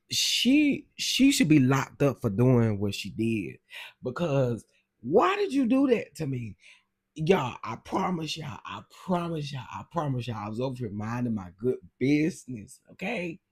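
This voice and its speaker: Animated husky man chatting to viewers. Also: medium pitch. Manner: animated, exclamatory, talks straight to viewers. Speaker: livestream host. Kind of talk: casual gossip chat on a livestream.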